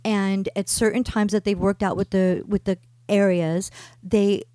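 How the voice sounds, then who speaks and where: A woman's voice: medium pitch, flat delivery, measured pace, mellow, no echo, clean studio sound. A woman hosting a casual chat show, enthusiastic and rambling as she talks through her recommendations. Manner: enthusiastic, rambling, many fillers and restarts. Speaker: host.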